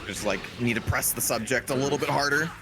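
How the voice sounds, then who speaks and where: A man co-commentating a fighting game match, mostly giving short reactions and quick remarks. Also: medium pitch, over loud music, rough recording. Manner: short reactions, laughing asides. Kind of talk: casual live esports commentary.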